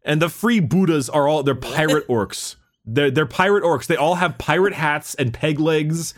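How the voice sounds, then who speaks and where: A man's voice: on the high side, moderate pace. A man telling stories in casual chat, laughing often and stumbling into restarts.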